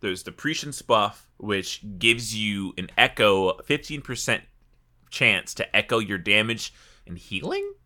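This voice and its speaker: A man co-hosting a casual gaming podcast, explaining things in an animated way and laughing often. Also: on the low side, measured pace. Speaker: podcast co-host.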